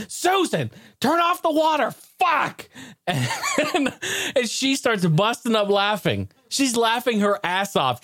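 A man hosts a casual solo podcast, slightly high-pitched, loose and rambling, often breaking into laughter as he tells a story. The sound is dry and close, with no room around him. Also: dry recording. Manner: loose, rambling, laughs a lot, mimics shouting neighbor. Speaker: podcast host.

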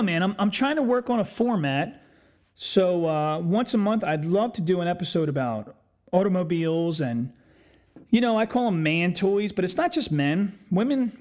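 A young man hosting a podcast, chatting casually in a rambling, profane, self-deprecating way. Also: sits high. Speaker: podcast host. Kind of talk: casual solo podcast chat.

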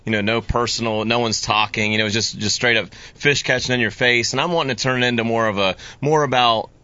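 Bright-voiced man telling fishing stories. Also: medium pitch, steady tone, a little fast, highs cut off. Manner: rambling, laid-back storytelling with many fillers. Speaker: guest, fishing video creator. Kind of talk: casual interview chat.

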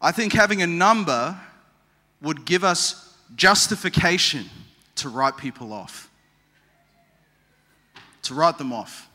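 Bright-voiced pastor in an echoing hall. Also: male voice, fairly high pitch, animated, takes it slowly, pauses often. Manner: conversational, humorous, asks the audience questions. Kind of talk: sermon. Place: church hall. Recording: long echoey hall reverb.

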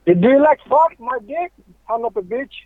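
A man's voice: very high-pitched, expressive, normal speed, no room sound. A man taking a prank call as a taxi driver, angry and cursing in broken phrases over a phone line.

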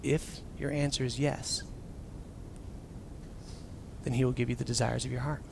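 A man preaching a casual, animated sermon as a pastor, swinging from loud emphasis down to near-whispers and acting out quotes. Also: medium pitch, normal speed, vocal fry, noisy background.

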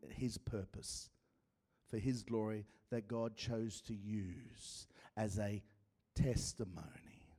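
A man preaching a sermon with an accent, swinging between loud shouting and hushed, dramatic passages. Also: medium pitch, no room sound, studio quality. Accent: non-American.

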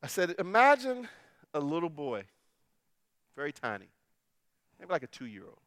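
Bright-voiced pastor preaching with sharp emphasis. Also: male voice, a little high, big pitch swings, moderate pace, dry recording, clean studio sound. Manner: storytelling, swings from hushed to emphatic. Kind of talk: sermon.

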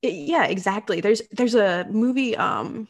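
A woman hosting a casual chat about a film, animated and quick to laugh, acting out other people's lines. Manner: animated, laughs often, acts out voices with big pitch jumps.

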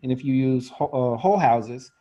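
Guy hosting a chatty podcast, mid pitch, laughs a lot and trails off mid-sentence. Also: normal speed, mellow, lo-fi sound. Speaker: podcast host. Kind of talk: casual chat.

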